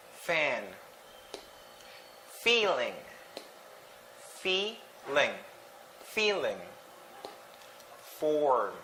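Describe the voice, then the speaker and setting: A man teaching a pronunciation drill, repeating each word clearly and explaining where the stress falls. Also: a little high, sharp tone, a little hiss or hum, low-quality recording. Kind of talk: slow, deliberate pronunciation drill.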